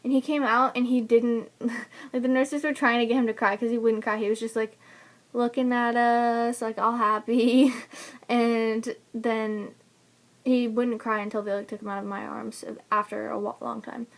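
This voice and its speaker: Chatty young woman with a higher voice. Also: flat delivery, normal speed. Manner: chatty, laughs often, many fillers. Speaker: new mother telling her birth story. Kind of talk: casual personal vlog storytelling.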